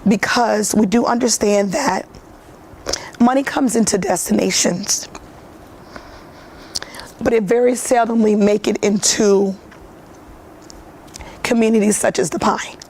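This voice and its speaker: Earnest emotional woman, gravelly edge. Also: medium pitch, a little slow, pauses often, a little mellow, a little hiss or hum. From United States. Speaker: foundation founder, guest. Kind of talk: morning TV interview.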